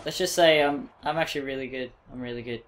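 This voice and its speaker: A young man in a casual let's-play, joking and shouting with friends over a sports game. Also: medium pitch, quick pace. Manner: excitable, joking, loud exclamations. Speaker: gamer. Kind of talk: casual gaming banter.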